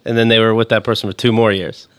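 A man's voice: lowish voice, level tone, fast, a bit bright. A man co-hosting a casual chat, making dry joking asides.

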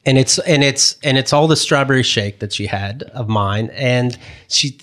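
A man telling a family story in a casual talk show chat. He is animated, rushes through some lines and jumps up high when he acts out what people said.

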